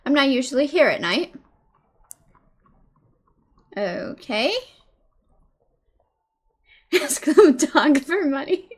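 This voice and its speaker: A woman's voice: high-pitched, very animated, takes it slowly, pauses often. A woman streaming a game, talking to herself and to the characters in chatty running commentary. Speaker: gaming streamer. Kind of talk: let's-play commentary.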